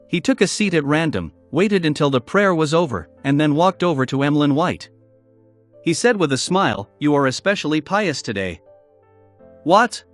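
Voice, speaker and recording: A man narrating a fantasy novel in an even, unhurried reading. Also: on the high side.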